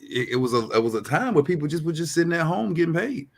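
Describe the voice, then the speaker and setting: A man's voice: fairly high pitch, sing-song, fast talker, creaky. Male podcast co-host, ranting, questioning tone. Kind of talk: casual chat.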